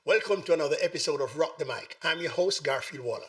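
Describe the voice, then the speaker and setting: A man hosting a live online talk show, hoarse from the flu, repeatedly coaxing viewers to join in. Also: on the high side, animated, quick pace. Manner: repetitive, coaxing appeals to viewers. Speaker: host.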